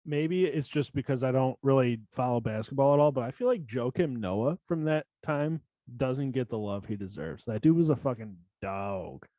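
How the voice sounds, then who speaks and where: A man's voice: medium pitch, moderate pace, few pauses, mellow, dry recording. Laid-back man on a sports podcast, dry sound. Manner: laid-back, self-deprecating, blunt slang. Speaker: podcast co-host. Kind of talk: casual sports chat.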